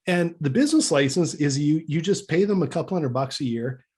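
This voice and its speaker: Slightly rough and a little high, this man's voice moves at a brisk clip. He co-hosts a podcast and, as a Canadian telling a casual story, brings the dialogue to life by acting it out, with many restarts and stammered repeats.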